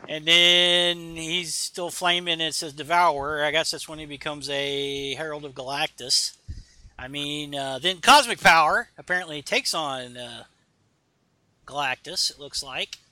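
A man's voice: a little high, unhurried, sharp tone, no echo. A man casually recapping a comic on a remote podcast call, rambling with many fillers and reading lines aloud. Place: home.

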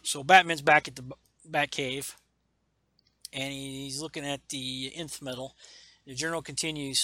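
A man's voice: mid-range voice, steady tone, a little slow, long pauses, pushed and bright, no room sound. A man reading a comic aloud in casual chat, enthusiastically acting out the characters' lines with lots of fillers. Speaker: comic book podcast host.

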